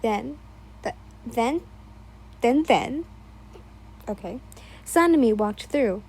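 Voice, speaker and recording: A woman reading a second-person fan story aloud, tripping over names and breaking off for quick asides. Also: sits high, animated, a little mellow, slightly rough, rough recording. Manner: stumbles over names, laughs and adds asides. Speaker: fan fiction reader.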